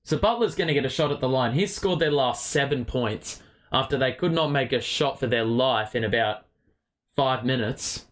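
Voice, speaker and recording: A man's voice: medium pitch, normal speed. A man hosting a fan watchalong, calling the game play by play, partisan and swearing freely. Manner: partisan, swears, rises to shouts on big plays. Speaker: host of a fan watchalong stream.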